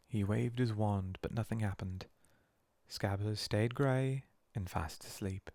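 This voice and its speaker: A man reading a storybook aloud as a whispered role-play, slow and soothing. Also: fairly low pitch, darkish tone, no echo. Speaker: narrator.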